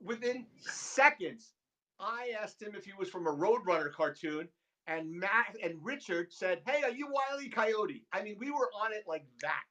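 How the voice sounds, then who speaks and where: High-voiced man telling animated stories. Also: moderate pace. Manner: animated storyteller, mimics voices. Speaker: podcast co-host. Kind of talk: casual sports chat.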